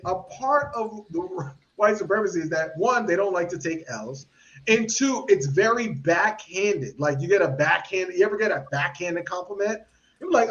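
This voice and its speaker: Man, podcast host, opinionated commentary, high voice, muffled recording. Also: normal speed. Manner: animated, acts out quoted voices. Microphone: podcast mic.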